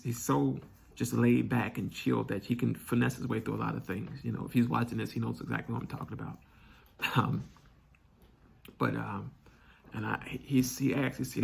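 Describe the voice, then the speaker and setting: A young man telling a personal story candidly, halting and restarting often. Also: mid-range voice, fairly even intonation, vocal fry, slightly rough. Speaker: vlog host.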